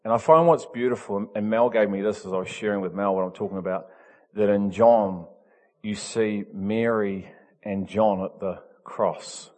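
A male pastor, preaching in an animated, emphatic way that swings from loud to soft. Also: on the low side, moderate pace, in a large hall. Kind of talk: storytelling sermon.

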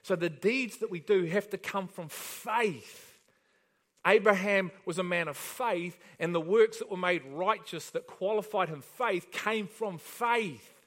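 A man's voice: high-pitched, a little slow, a bit bright. A man pastor delivering an emphatic sermon, often asking the congregation rhetorical questions.

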